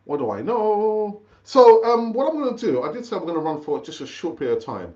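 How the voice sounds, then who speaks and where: A man's voice: sits high, big pitch swings, fast talker, darkish tone, highs cut off. Chatty man hosting a live fan stream. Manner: chatty, repeats himself, calls viewers brother. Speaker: football fan channel host. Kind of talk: casual live stream chat.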